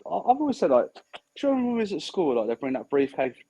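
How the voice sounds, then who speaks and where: A man's voice: on the high side, big pitch swings, very fast, mellow, slightly rough, rough recording. A man in casual podcast chat, blunt and swearing freely, telling stories and acting out what others said. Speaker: podcast co-host.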